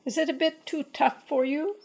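Storybook wife, sweetly cunning and calm, read by a woman, gravelly voice. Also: high-pitched, normal speed, pitched above the performer's own voice, rough recording. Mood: coaxing. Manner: gentle, coaxing. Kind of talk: storybook reading.

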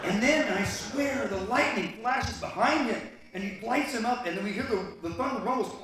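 Guy telling a story on stage, high lively voice, big echoey hall, mic far off. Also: normal speed. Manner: animated, with frequent restarts. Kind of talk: live storytelling.

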